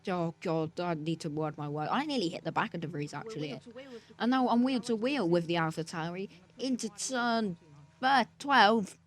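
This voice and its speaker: A man's voice: high-pitched, lively intonation, moderate pace. Male gaming creator, joking sarcastic race commentary. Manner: joking, self-mocking and sarcastic. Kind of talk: narrated racing game commentary. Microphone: desk mic, sometimes speaking off-mic.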